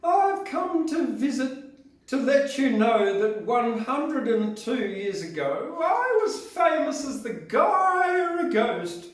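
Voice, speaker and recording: A man doing a high, declaiming ghost. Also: big pitch swings, heavily acted. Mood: spooky. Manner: slow, declaiming recital. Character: rock-throwing country ghost, loud and high. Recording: roomy hall from a distance.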